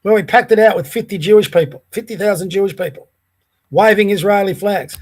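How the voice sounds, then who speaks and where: A middle-aged man with an Australian accent and a noticeably high voice hosts a podcast monologue. He rants with indignation and fires off rhetorical questions one after another. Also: a little fast, a little mellow, husky. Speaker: podcast host.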